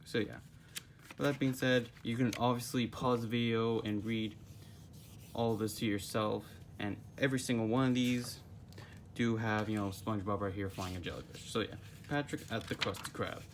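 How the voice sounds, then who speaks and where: A man's voice: on the low side, steady tone, moderate pace, slight background noise. A man in his twenties giving a casual, rambling book review, recorded on a phone. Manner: rambling, full of fillers.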